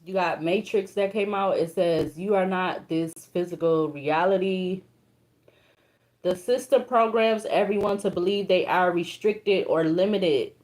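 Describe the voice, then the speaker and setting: Woman, low-pitched, tarot reader, casual, reads card texts aloud, emotional. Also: a little slow, darkish tone.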